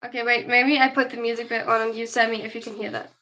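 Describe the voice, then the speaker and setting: The audio is dull, but the voice is on the high side, bright, forceful, and fast, with little pitch movement. It belongs to a young German woman chatting tiredly on her livestream, a non-native English speaker with a German accent who reads comments aloud and answers them.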